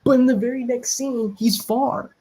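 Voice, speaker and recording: A creator chatting casually while watching back their own fan animation, quick and joking and pointing out small details. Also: medium pitch, fairly even intonation, dark tone, breathy edge, poor audio. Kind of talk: casual watch-along commentary.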